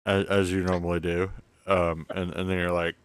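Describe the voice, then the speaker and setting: A man's voice: sits low, little pitch movement, moderate pace, clean tone, no echo. A man hosting a casual late-night podcast from home, rambling and stammering, swearing a lot as he tells a story. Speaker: podcast host. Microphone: close mic.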